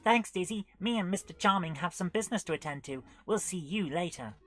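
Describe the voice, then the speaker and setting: A woman's voice: fairly low pitch, animated, brisk, fairly bright tone, soft background music, voice pushed up. A woman voicing a young female frog princess from a video game, in a chirpy, sing-song manner.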